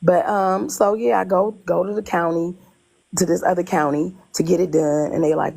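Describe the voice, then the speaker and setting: A woman with a heavily gravelly, husky voice recounts her own experience in relaxed conversation. She tells it in an animated way, circling back on phrases and acting out the lines of the people involved. Her voice sits somewhat low. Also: normal speed, low-quality recording. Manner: animated, retells dialogue in quotes, repeats herself. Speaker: guest telling her story. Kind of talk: casual conversational storytelling.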